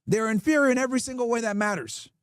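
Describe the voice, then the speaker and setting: A man's voice: very high-pitched, expressive, quick pace, clear, resonant tone, no echo, clean studio sound. A man streaming to his chat, ranting emphatically and mockingly with lots of rhetorical questions. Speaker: streamer and podcast host. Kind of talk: ranting commentary to a live chat.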